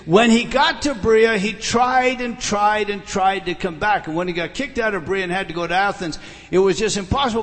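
A man's voice: high-pitched, a bit bright, big-room sound. A middle-aged man preaching a sermon, emphatic, often repeating words and putting questions to his listeners. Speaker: pastor.

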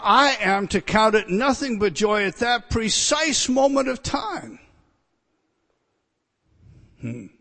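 A male pastor delivering an emphatic sermon with a notably high voice. He repeats key phrases and swings from loud declarations to quiet, hushed asides. The sound carries the long reverb of a large hall.

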